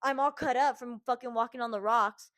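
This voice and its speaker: A woman's voice: fairly high pitch, steady tone, fairly quick, fairly bright tone. A young woman from the United States, hosting a podcast and telling a story casually, swearing constantly and acting out her own quotes. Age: young adult. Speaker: podcast host.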